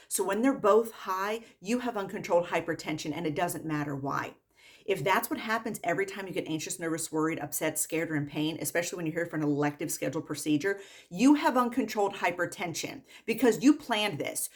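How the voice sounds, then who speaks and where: A woman medical worker ranting in a vlog monologue, exasperated, repeating herself and rattling off quick lists. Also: on the low side. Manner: exasperated, repetitive, rapid-fire lists.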